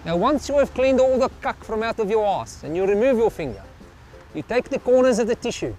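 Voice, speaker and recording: A man's voice: high voice, very animated, fairly quick, a little mellow, pitched above the performer's own voice. A man playing a stern army sergeant major, giving a mock-serious military briefing in a barking drill-instructor manner.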